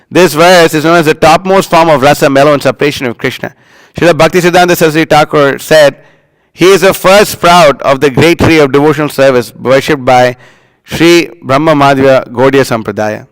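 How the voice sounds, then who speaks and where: A man's voice: on the high side, a little fast, smooth, dry recording, low-quality recording. A man giving a devotional class, chanting Sanskrit verses and telling stories with emphatic acted-out quotes. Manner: chants Sanskrit verses, then explains with storytelling; emphatic, acts out quoted lines. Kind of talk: religious class talk.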